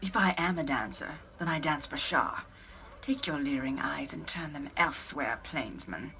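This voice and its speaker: A sultry scornful dark elf. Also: female voice, deep voice. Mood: disdainful. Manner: haughty, cutting, slow and sensual. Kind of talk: video game voice acting.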